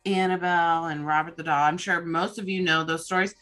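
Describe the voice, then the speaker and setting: A young woman hosting a casual chat podcast, telling stories in a rambling, excitable way with casual swearing. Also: fairly low pitch, fairly quick. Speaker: podcast host.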